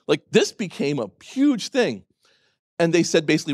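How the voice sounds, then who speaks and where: A man speaking at a conference, his pitch leaping all over the place as he rants with biting sarcasm and the odd curse. He drops into low asides, then bursts out high and loud. The sound is dry and close, with no room around it. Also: sing-song, normal speed, no room sound. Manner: sarcastic, profane, ranting storyteller; swings from low mutters to loud, high outbursts. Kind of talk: animated conference talk.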